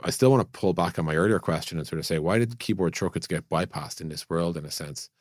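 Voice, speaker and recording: A man talks quickly in a low voice, chatting through ideas on a podcast. He circles his points with fillers and restarts. The sound is dry and close. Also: dry recording. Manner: thinks aloud with many "like" fillers and restarts. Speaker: podcast co-host, product leader. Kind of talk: casual conversational podcast chat.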